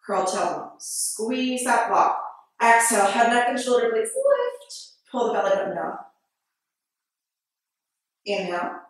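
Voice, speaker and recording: A woman yoga instructor leading a class with steady step-by-step breathing and movement cues in a yoga studio. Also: mid-range voice. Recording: very echoey studio, mic far off.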